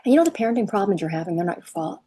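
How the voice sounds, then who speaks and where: A woman's voice: medium pitch, very animated, rapid-fire, dark tone, slight background noise. A middle-aged woman parenting coach talking casually to camera, chatty and emphatic, firing off rhetorical questions. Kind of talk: casual advice talk to camera.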